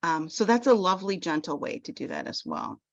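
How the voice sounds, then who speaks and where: A woman chaplain teaching a talk on self-compassion in a gentle, unhurried way, often restarting her phrases. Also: lowish voice, wildly swooping pitch, gravelly, dry recording. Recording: dull lo-fi dry sound.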